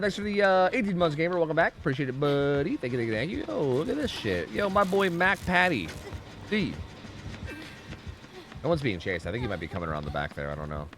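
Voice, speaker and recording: Excitable, swooping man streaming a game. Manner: excitable, profane, swings from loud pleading to low mumbling. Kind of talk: live gaming commentary with chat.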